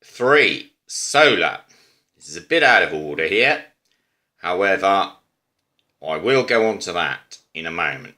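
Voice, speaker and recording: A man's voice: sits low, animated, pushed and bright. A man with an Australian accent, casually explaining an eco-friendly invention in a rambling, musing way. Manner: unhurried, musing, with fillers and asides. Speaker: amateur presenter explaining an invention.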